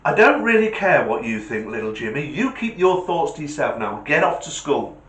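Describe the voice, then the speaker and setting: A man's voice: fairly high pitch, sing-song, moderate pace, a bit bright. A man voicing an exasperated mother who scolds her son curtly. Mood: scolding. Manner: curt, scolding. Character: exasperated mother, stern and fed up. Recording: echoey room.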